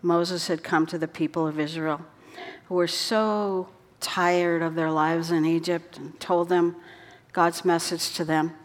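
Woman preacher, lowish voice, earnest sermon delivery, long reverb around her. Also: fairly even intonation, measured pace. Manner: earnest, dropping to soft whispered quotes.

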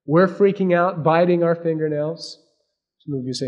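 A man preaching a sermon, swinging between loud emphasis and hushed asides. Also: fairly high pitch, moderate pace, dull audio. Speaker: pastor.

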